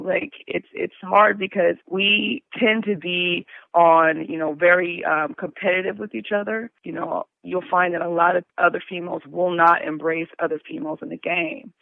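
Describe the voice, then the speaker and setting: A woman's voice: fairly low pitch, vocal fry, no room sound, narrow, tinny audio. A woman who works in radio, chatting candidly and laughing easily as an interview guest, calling in from her recliner at home. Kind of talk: casual interview chat.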